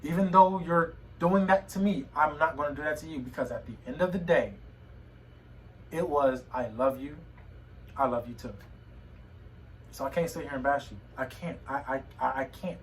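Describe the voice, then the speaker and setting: Emotional young man, halting talk. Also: a little high, recorded from a distance, slight background noise, poor audio. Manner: halting, repeats words, emotional. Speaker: vlogger. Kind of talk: personal vlog monologue. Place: home room.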